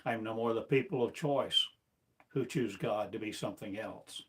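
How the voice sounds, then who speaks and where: A man preaching a sermon as a spiritual teacher, slow and declamatory, firing off one rhetorical question after another. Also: fairly low pitch. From United States.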